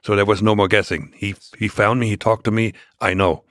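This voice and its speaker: An older man, a podcast guest, telling a long story in a halting way with many restarts. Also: on the low side, fairly even intonation, a bit bright, no echo, studio quality. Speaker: interview guest.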